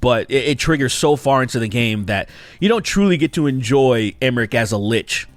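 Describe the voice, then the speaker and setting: A man giving a casual spoken game review, animated and exasperated, with mocking asides. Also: medium pitch, no room sound. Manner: animated and exasperated, mocking characters with quick impressions.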